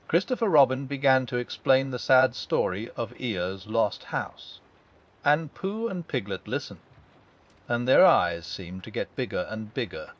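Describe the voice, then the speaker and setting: A man narrating a classic children's story as a calm, gentle, unhurried bedtime audiobook. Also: mid-range voice, dull audio.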